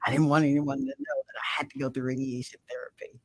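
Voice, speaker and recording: A middle-aged woman from Mississippi telling her personal story as a guest, impassioned, swinging from loud emphatic bursts to hushed whispers. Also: very deep voice, little pitch movement, quick pace, husky, low-quality recording. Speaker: guest, radio show host. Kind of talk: emotional personal testimony.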